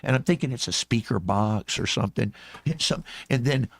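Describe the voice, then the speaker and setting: Man, radio co-host, gravelly voice, swooping lively pitch, halting rambling story, dry studio. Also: dry recording. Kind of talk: casual studio banter.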